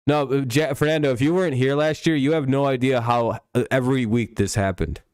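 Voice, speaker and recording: A sports streamer with a mid-range, smooth, darkish voice talks fairly quickly and with fairly even intonation. Recorded in dry, studio-quality sound, he hosts a casual NFL preview, joking, rambling, and swearing often.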